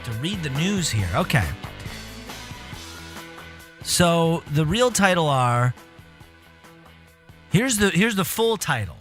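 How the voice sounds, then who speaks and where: A man's voice: on the high side, very animated, takes it slowly, long pauses, a bit bright, faint music behind. A young man streaming casually, reading a news article aloud with rambling, jokey asides.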